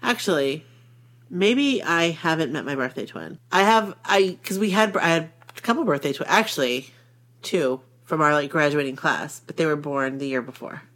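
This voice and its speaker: A woman's voice: sits low, expressive, normal speed, a bit bright. A woman in her forties with a Maine accent, co-hosting a podcast in a playful, teasing chat. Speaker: podcast co-host. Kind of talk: casual chat.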